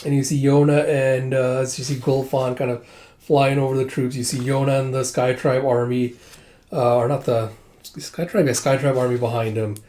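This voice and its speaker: A man's voice: mid-range voice, little pitch movement, moderate pace, dark tone. A man casually recapping a comic volume, talking loosely with lots of "like" and "uh". He reads the characters' lines inline with little change in his voice. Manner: loose and chatty, heavy on "like" and "uh". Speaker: manga reviewer.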